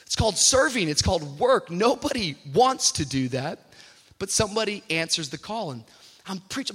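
A man preaching a sermon as a pastor, telling animated stories and building to shouted exhortation in a church. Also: on the high side, a little fast. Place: church sanctuary. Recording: reverberant church hall.

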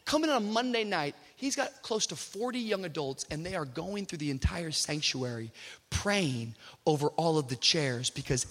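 A man preaching a sermon as a pastor, telling animated stories and building to shouted exhortation in a church. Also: on the high side. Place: church sanctuary. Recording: reverberant church hall.

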